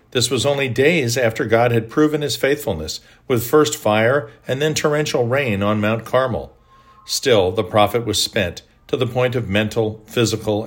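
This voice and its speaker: Older male devotional narrator, lowish register, measured and reflective scripted read. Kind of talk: scripted devotional reading with prayer.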